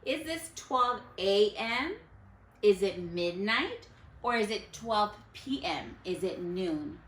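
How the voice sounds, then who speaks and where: Lively woman teacher reading to a class. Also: medium pitch, reverberant. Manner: animated storyteller who pauses to quiz children. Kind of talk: reading a picture book aloud to a class.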